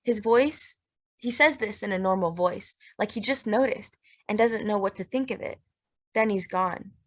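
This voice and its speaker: Woman reading a novel aloud, steady. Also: mid-range voice, normal speed. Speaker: audiobook narrator. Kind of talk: literary audiobook narration.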